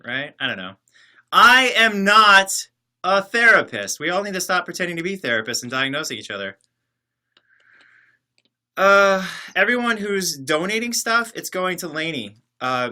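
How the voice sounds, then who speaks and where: A man's voice: mid-range voice, pushed and bright. A man casually chatting on a livestream, reading viewer comments and answering them in a sarcastic, joking, rambling way. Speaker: livestream host reading chat. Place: separate building, alone.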